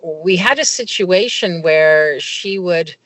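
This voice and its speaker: A woman's voice: on the low side, slow pace, fairly bright tone. A middle-aged woman, a guest in an interview, telling a personal story with many fillers and restarts. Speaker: guest, medical consultant.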